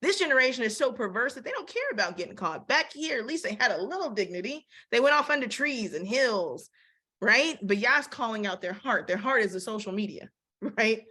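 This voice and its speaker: Woman teaching Bible study, casual and slangy, acts out the verses, bright and forceful. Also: on the high side, fairly quick, breathy edge. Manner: lively and slangy, acting out the verses she quotes.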